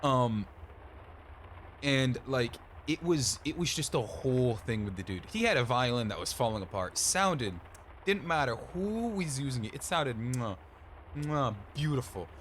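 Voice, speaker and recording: A man's voice: mid-range voice, sing-song, measured pace, a bit bright, slight background noise. A man casually commenting on a game he streams, rambling and swearing.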